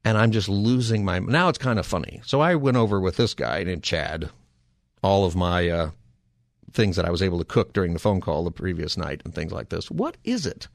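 A middle-aged man hosting a call-in radio show, telling a long exasperated story in a casual, animated way. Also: low voice, fairly quick, vocal fry, no room sound, studio quality. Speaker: radio talk show host.

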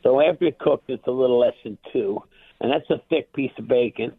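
A man calling in as a chef guest, plainspoken and relaxed as he explains. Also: medium pitch, fairly quick, slightly rough, dry recording. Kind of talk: phone interview. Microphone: phone. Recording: tinny phone line.

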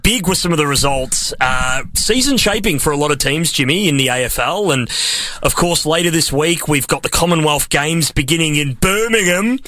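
A man's voice: on the high side, expressive, moderate pace, hardly any pauses, sharp tone, no echo. A young Australian man co-hosting a casual sports radio show in a studio, joking around and laughing often. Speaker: co-host.

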